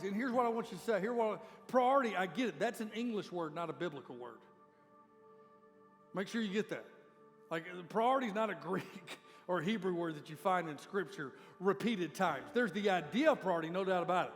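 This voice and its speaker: High-voiced pastor preaching. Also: male voice, animated, fast talker. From Georgia, USA. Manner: emphatic, conversational preaching with sudden loud peaks. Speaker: lead pastor. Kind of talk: sermon. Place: church sanctuary. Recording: long reverb of a church hall with faint music.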